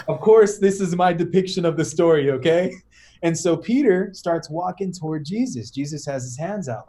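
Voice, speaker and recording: A man's voice: on the high side, moderate pace. A man who is a podcast guest, telling a story as a casual, slang-heavy pep talk. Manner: slangy, animated, says "bro" and "right?" often.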